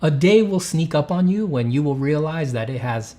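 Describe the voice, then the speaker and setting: A man's voice: fairly high pitch, animated, normal speed, mellow, a little hiss or hum. Rambling man in casual chat. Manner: rambling, lots of fillers and restarts. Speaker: artist and channel host.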